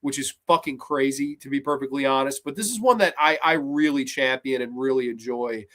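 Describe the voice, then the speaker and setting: A man hosting a horror show, reviewing films in an excited, rambling, profane way. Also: medium pitch, fairly quick. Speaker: horror podcast host. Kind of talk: casual film review.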